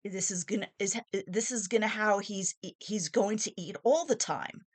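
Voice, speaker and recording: A woman in her forties talks straight to her audience about her dates, opinionated and exasperated. She drifts into asides and fillers and sits at an everyday middle pitch. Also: normal speed. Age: 40s. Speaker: vlogger telling a dating story. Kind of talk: casual storytelling monologue.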